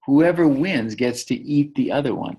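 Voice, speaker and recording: A male teacher reading a story aloud to young children and explaining new words gently. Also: mid-range voice, normal speed, creaky, husky. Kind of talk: storybook read-aloud lesson.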